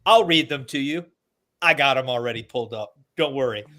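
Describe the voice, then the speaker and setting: A man's voice: medium pitch, a little fast. A man from Alabama with a Southern accent, co-hosting a casual veterans' podcast, riffing sarcastically and swearing freely. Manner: sarcastic, swearing, animated mock outrage. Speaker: podcast co-host. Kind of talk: casual comedic chat.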